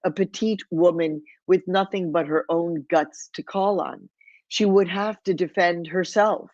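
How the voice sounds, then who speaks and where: A woman's voice: lowish voice, fairly even intonation, unhurried, a little mellow, no echo. A woman from Mexico, an author, reads aloud from her memoir in a vivid storytelling manner and drops in Spanish phrases now and then. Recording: dull, lo-fi, dry.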